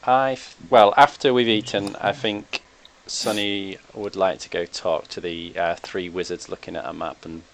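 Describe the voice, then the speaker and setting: A man's voice: sits low, fairly even intonation, moderate pace, vocal fry. A man playing a character in a tabletop role-playing game, talking hesitantly with many fillers. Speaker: player.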